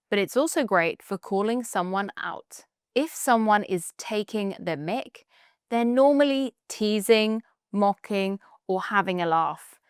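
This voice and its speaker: A woman's voice: mid-range voice, smooth, dry recording, studio quality. A woman with a British accent, teaching an English lesson as a tutor with an upbeat, emphatic delivery.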